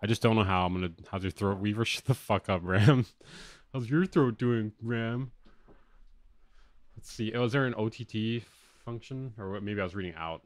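Low-voiced man with a lisp, dry sound. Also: moderate pace, no room sound. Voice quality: lateral lisp. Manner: loose, excitable, swears often. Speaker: music producer streamer. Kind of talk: casual livestream chat.

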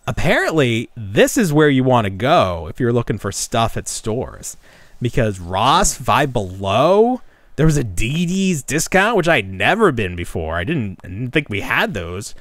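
A man's voice: medium pitch, sing-song, unhurried, a bit bright, dry recording. A man co-hosting a podcast, chatting casually and rambling, with lots of fillers and laughs. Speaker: podcast co-host. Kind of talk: casual chat.

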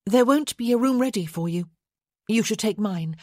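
A woman voicing a gentle, witty young widow in an audiobook, speaking in a higher voice than her narration. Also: expressive, moderate pace, no echo, studio quality. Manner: gentle, prodding.

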